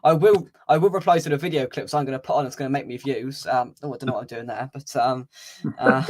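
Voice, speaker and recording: A man's voice: medium pitch, a little fast. A man hosting a fan channel livestream, chatting casually, reading out viewer comments and laughing often.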